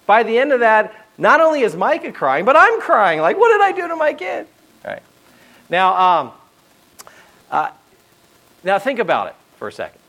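Animated storytelling pastor, slightly high voice. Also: male voice, normal speed, pauses often, low-quality recording. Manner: animated storytelling with asides to the audience. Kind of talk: sermon.

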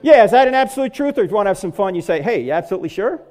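Middle-aged guy cracking jokes through a lecture, high voice that swings all over the place. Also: lively intonation, racing, darkish tone. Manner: joking, punchline-driven delivery. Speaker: Christian apologetics speaker. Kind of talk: humorous lecture to a live audience.

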